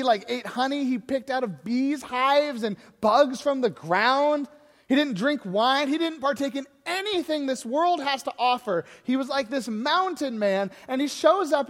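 A man's voice: extremely high pitch, big-room sound. A man preaching a sermon as a pastor, telling the story in a conversational way and acting out the voices of the people he quotes.

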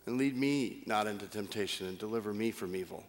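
An actor playing a bitter grown man praying in a recorded skit, grumbling at first and later reciting quietly. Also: very high-pitched, big pitch swings, moderate pace, slight background noise, exaggerated voice. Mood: humbled, prayerful. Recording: long hall reverb.

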